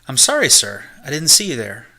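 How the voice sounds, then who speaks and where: A man's voice: mid-range voice, wildly swooping pitch, a little fast, gravelly, pushed and bright, heavily acted. A man reading the part of a guarded, blunt young woman in an amateur audiobook, in close to his own voice. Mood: hesitant. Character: wary, blunt young woman waking up lost.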